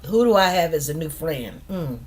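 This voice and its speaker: A woman's voice: sits low, lively intonation, moderate pace, a little mellow, husky. A woman hosting a live stream, chatting casually and directly to her viewers in a slangy, talkative way. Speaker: livestream host. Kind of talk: casual commentary to a live chat.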